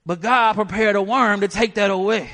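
High-voiced man preaching in a reverberant hall. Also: moderate pace, a bit bright. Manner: emphatic preaching with rhetorical questions. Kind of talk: sermon.

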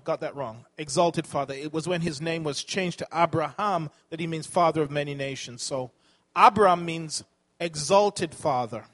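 A man's voice: a little high, fairly bright tone. A man preaching a sermon, asking the congregation questions and correcting himself as he teaches.

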